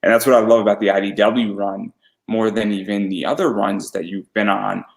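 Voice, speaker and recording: A man's voice: lowish voice, steady tone, fairly quick, vocal fry, reverberant, poor audio. A man hosting a casual podcast interview, asking rambling, nostalgic questions. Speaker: podcast host.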